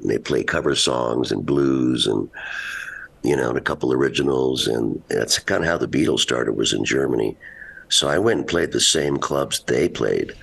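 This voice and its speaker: A man's voice: extremely low pitch, vocal fry, husky. A man in his seventies, a rock musician, telling rambling stories in a casual interview and laughing often. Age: 70s.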